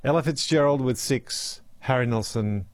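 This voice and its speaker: An Australian man hosting a morning radio show, reading out listener messages in a chatty, relaxed way. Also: mid-range voice, normal speed. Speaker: radio host. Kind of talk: casual radio chat. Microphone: studio microphone.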